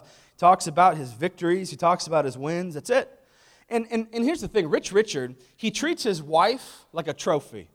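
Man preaching with jokes and audience questions, higher voice. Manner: jokey, asks the audience questions. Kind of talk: humorous sermon talk.

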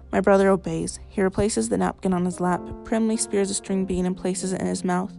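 A woman podcast host reading a literary short story aloud in a measured, even way, recorded in her car. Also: mid-range voice, gravelly, soft background music.

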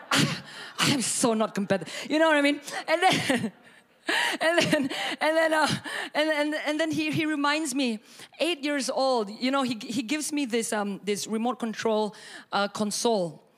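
A middle-aged woman pastor tells a personal story from the pulpit. Her voice sits slightly high and leaps up when she acts out what people said. She talks in a lively, expressive way. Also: a little slow. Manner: animated storytelling, acts out quotes with sudden high bursts and laughter.

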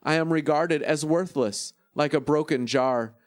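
A man reads scripture in a steady, measured way. His voice sits a little above the usual male range. The sound is close and dry, with no room around it. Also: on the high side, no echo. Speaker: scripture reader. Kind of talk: scripted Bible reading.

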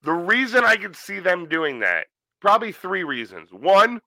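A man's voice: high-pitched, sing-song, normal speed, pushed and bright, dry recording, poor audio. A man co-hosting a podcast in casual chat, joking and swearing freely. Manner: profane, joking wrestling talk. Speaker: podcast co-host.

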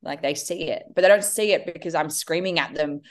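Woman, 30s, podcast guest, lowish voice, animated storyteller. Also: brisk. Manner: animated, acts out her kids' voices. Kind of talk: casual conversation.

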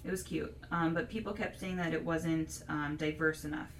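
A woman's voice: sits low, fairly even intonation, moderate pace. A woman hosting a casual chat, giving her opinions and thinking aloud, padding her points with lots of "you know"s. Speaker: podcast host. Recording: echoey room, distant mic, faint hiss.

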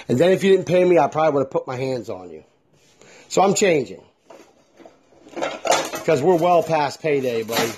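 A middle-aged man with a husky, darkish, medium-pitched voice hosts a solo podcast. He speaks his mind bluntly and with lots of feeling, swearing freely in this candid monologue.

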